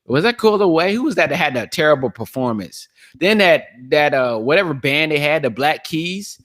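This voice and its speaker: A man's voice: fairly high pitch, a bit bright. Slangy, laughing man on a solo podcast. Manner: loose, slangy, repeats phrases, laughs often. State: losing his voice. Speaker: podcast host. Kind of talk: casual solo podcast commentary.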